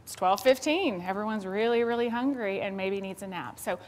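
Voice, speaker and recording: A woman from Texas with a Southern accent, in her thirties, telling a lively personal story to an audience. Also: mid-range voice, fairly quick. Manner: animated storyteller, acts out her own panicked voice. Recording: long reverb of a large hall.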